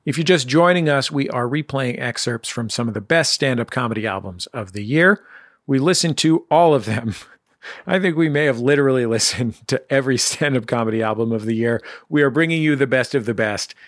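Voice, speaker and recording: A man hosting a radio show, presenting in a relaxed, friendly way. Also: medium pitch, fairly quick, no echo, studio quality. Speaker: radio host.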